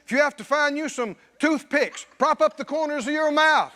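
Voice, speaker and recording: A man preaching a sermon, emphatic, at times shouting and at times dropping low. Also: normal speed, hardly any pauses. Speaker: pastor.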